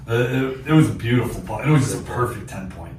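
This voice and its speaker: Animated storytelling man, echoey distant mic. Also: mid-range voice, quick pace, a little hiss or hum. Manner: animated, laughs often, acts out quotes. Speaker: podcast host. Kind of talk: casual storytelling.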